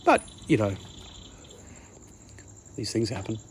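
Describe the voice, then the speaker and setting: A man's voice: fairly low pitch, very animated, slow, slight background noise. A man with an Australian accent, talking casually in a rambling monologue and often saying "mate". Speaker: podcast host.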